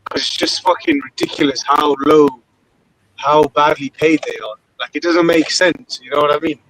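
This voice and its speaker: A man's voice: fairly high pitch, normal speed, fairly bright tone, slight background noise, rough recording. A man with a southern English accent chatting casually on a live call, swearing freely between laughs. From Britain. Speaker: participant in open discussion.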